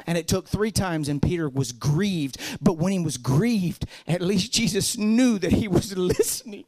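A man preaching a sermon as pastor, telling stories and swinging from soft talk to loud, fervent passages. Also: sits high, lively intonation, unhurried, hardly any pauses, no echo.

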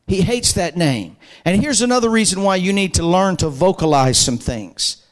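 Man, pastor, very high voice, fervent sermon, shouted emphasis, call-and-response. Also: expressive, normal speed, poor audio.

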